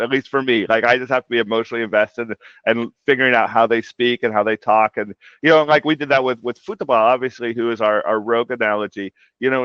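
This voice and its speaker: A man speaks as a guest in a casual interview, circling his points with a steady stream of "like" and "you know". His voice sits at an ordinary middle pitch. The audio is muffled and lo-fi, with a dry, dead sound. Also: smooth, no room sound. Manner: rambling, heavy on "like" and "you know". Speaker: comic translator guest.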